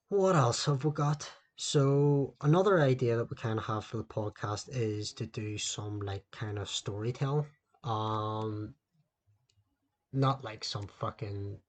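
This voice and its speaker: Husky, foul-mouthed man ranting solo. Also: medium pitch. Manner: rambling, heavy swearing. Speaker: podcast host. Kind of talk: solo podcast rant. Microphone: laptop microphone.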